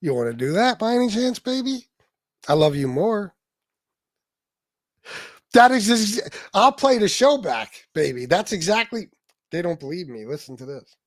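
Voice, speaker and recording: A man's voice: sits high, big pitch swings, moderate pace, pauses often, no echo, studio quality. A man in his forties hosting a casual livestream, rambling and joking with plenty of profanity, stammering when flustered. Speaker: livestream host. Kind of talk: casual live-stream chat.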